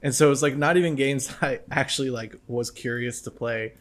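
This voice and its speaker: A man's voice: medium pitch, moderate pace. A man co-hosting a casual bar chat, talking loosely with many restarts and fillers. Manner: chatty, lots of likes and restarts. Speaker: co-host.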